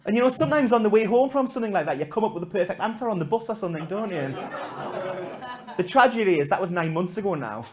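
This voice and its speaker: A man doing stand-up comedy, telling a story to a live audience in a self-mocking way, swinging from loud punchlines to hushed asides. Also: sits high, animated, quick pace.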